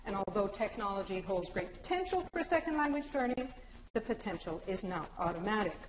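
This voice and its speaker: A woman giving an academic conference talk to language teachers, speaking in a clear, measured way and addressing the audience directly. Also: medium pitch, sing-song. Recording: echoey lecture hall with long reverb.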